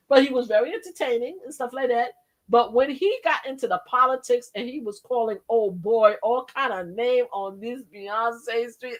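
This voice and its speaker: Hosting her own channel at a moderate pace, an older grandmother chats casually. Her manner is lively and full of laughter, shifting from exclamations to quiet asides.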